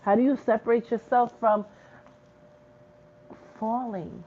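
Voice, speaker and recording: A woman's voice: on the high side, steady tone, slow, phone-quality sound, a little hiss or hum. A woman giving a spiritual message in a vlog, talking bluntly with plenty of swearing and street slang. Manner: blunt, profane, slangy preaching. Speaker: spiritual reader.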